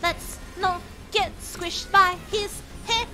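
A woman streaming games, excitable and playful, shrieking, swearing and putting on silly voices. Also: extremely high pitch, slow pace, over music. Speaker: VTuber streamer. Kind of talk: gaming stream reactions.

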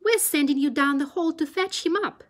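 A woman voicing a furious, scheming male farmer who shouts his threats in a storybook reading. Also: mid-range voice, lively intonation, moderate pace. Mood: angry, scheming.

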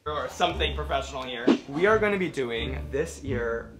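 A jittery young man walks viewers through a home tutorial, swinging between chatty explanations and panicked exclamations. His voice sits in an ordinary middle register and carries some room echo. Music plays clearly underneath. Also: medium pitch, lively intonation, moderate pace. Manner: nervous, dramatic, exclaiming. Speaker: vlogger doing a home tutorial. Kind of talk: casual tutorial vlog. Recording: roomy with music behind.

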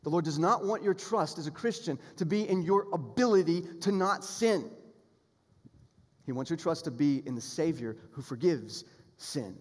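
A pastor preaching a sermon, earnest and emphatic, building toward appeals and repeating key phrases. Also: male voice, on the high side, lively intonation, moderate pace. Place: church sanctuary. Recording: long hall reverb in a church sanctuary.

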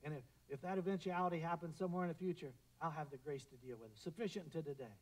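A middle-aged man preaching a sermon as pastor, swelling into loud declarations and dropping into quiet, prayerful asides. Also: fairly high pitch, rapid-fire, rough recording.

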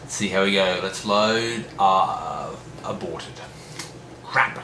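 A man's voice: sits low, slow pace, background noise. A man, casually chatting to camera in a family vlog at home, playful and talkative. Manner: playful baby talk, chatty. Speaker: vlogger. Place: home bedroom at night.

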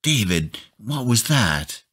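A man's voice: on the low side, big pitch swings, slow pace, fairly bright tone, slightly rough, no echo, clean studio sound, pitched above the performer's own voice, exaggerated voice. A man putting on a frightened young wife. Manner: pleading, scolding.

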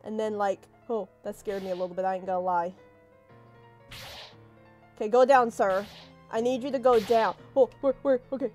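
A woman's voice: mid-range voice, steady tone, moderate pace, long pauses, darkish tone, soft background music. A woman giving live gameplay commentary. She is jumpy, swears a lot and talks back to the game characters. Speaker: let's play gamer.

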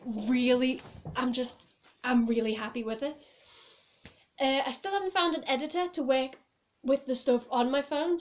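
A woman vlogging casually to camera at home, rambling and giggling as she reviews a film. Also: a little high. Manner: rambling, giggly, lots of "like" and "I was just like". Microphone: phone or camera on a table.

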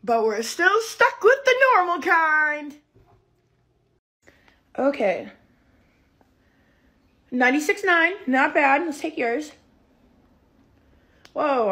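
A woman's voice: sits high, fairly bright tone. A young woman making a comedic phone vlog at home, giggly and dramatic, squealing in mock pain. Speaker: comedy content creator.

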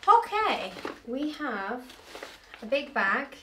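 Young woman vlogger, chatty and bubbly, slightly high voice, echoey room, mic set back. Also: big pitch swings, slow pace, loud music behind the voice. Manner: chatty, bubbly, hyped up on coffee. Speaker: fashion vlogger. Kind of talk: casual try-on haul chat. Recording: roomy echo, distant mic, faint noise.

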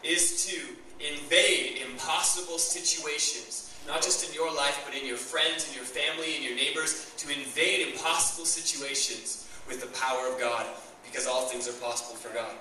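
A man's voice: fairly high pitch, steady tone, moderate pace, hardly any pauses, sharp tone, a little hiss or hum. A young man preaching a sermon as pastor, enthusiastic and conversational, recorded in a church hall. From Canada. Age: young adult. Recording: echoey church hall, mic far off.

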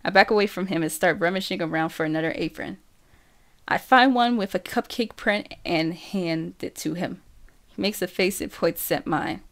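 A woman reading a first-person novel aloud as an audiobook, unhurried and even. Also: on the low side. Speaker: audiobook reader.

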